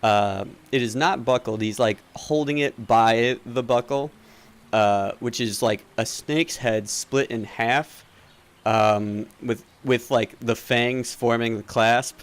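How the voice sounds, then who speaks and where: A man's voice: medium pitch, slow, smooth. A young man narrating as game master in a tabletop game, rambling with lots of fillers.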